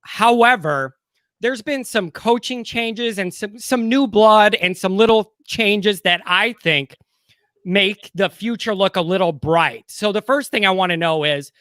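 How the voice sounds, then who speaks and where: A man's voice: sits high, measured pace, fairly bright tone, dry recording, studio quality. A man with a Chicago accent co-hosting a casual sports talk show, conversational and steering the topics. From Midwest US. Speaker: show co-host.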